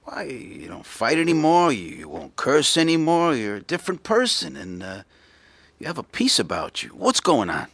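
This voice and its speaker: A man's voice: fairly high pitch, huge pitch swings, moderate pace, creaky, fairly bright tone, no echo, heavily acted. A man playing a father who asks his changed son hesitant, earnest questions. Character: puzzled father, earnest and searching.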